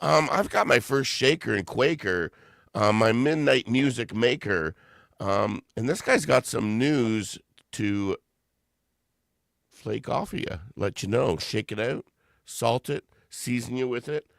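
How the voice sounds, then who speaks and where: A man's voice: medium pitch, slow pace, gravelly, fairly bright tone, dry recording, clean studio sound. A man hosting a live music stream, singing blues and rock covers over guitar, then chatting loosely with a guest. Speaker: host.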